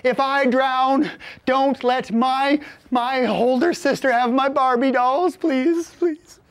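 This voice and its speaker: A scared little boy , as a male storyteller puts him on, praying slowly and pleading in a high, shaky voice. He is a frightened child from a comic spoken story. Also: steady tone, slight background noise, heavily acted. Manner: slow, pleading.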